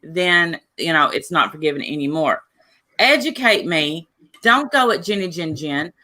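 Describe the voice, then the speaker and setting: A woman's voice: low-pitched, animated, normal speed, sharp tone. A woman on a live stream chat, talking insistently and defending herself.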